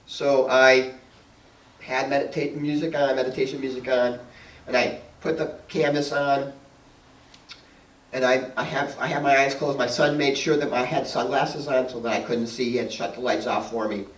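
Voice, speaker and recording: A man's voice: mid-range voice, fairly even intonation, moderate pace. A middle-aged man giving a talk to an audience, telling personal stories in a chatty way, laughing often and acting out what people said. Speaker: guest speaker and painter. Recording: roomy sound from a distant mic.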